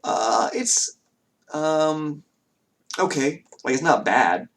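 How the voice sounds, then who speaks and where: A man running a tabletop game as game master, describing the scene in a casual, halting way. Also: on the high side, lively intonation, a little hiss or hum. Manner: casual, halting, many fillers.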